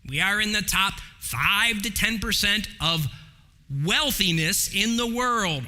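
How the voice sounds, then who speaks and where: A man preaching to his congregation in a church sanctuary, his voice high and bright with a wide, animated swing. He speaks slowly and leans hard on key words, sometimes rising almost to a shout. A long reverb trails each phrase through the hall. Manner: emphatic preaching with dramatic slowdowns and raised voice. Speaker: pastor. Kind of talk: sermon.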